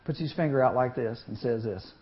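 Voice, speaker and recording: A man preaching to young people, folksy and animated, often asking the crowd questions and acting out the people in the story. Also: medium pitch, fairly quick. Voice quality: animated, acts out voices in the story. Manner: folksy, talks to the audience with questions. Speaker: youth speaker. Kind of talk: sermon. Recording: muffled lo-fi recording.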